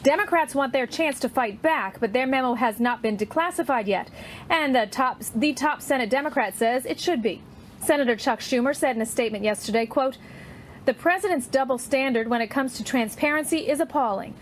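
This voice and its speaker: A woman correspondent reporting from near the White House, measured as she reads quotes steadily. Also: sits high, slight background noise. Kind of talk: news report.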